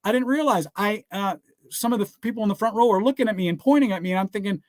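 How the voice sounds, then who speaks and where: Talking fast and emphatically, a high-pitched man gives a motivational speech that weaves scripture into business success. He keeps having listeners write things down and repeats "guess what" and "all right?" throughout. No room echo can be heard in the dry sound.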